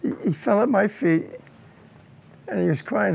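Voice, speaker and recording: An older man who served in war recounts his combat memories in an oral history interview, halting and repeating words as he speaks. His voice sits high and sounds husky, with vocal fry.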